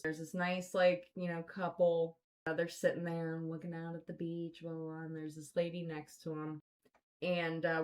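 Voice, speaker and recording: A woman hosting a podcast, telling stories in a casual, rambling way full of swearing and fillers. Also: sits low. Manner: rambling, profane, filler-heavy. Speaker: podcast host. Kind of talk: casual storytelling chat.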